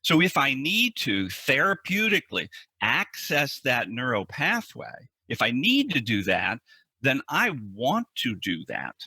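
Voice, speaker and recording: A man with a bright, forceful voice that has a husky edge. He talks as an interview guest, explaining his ideas earnestly and with emphasis, and often doubles back to repeat words. The sound is dry and close. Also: mid-range voice, wildly swooping pitch, measured pace, no echo. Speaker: psychologist guest.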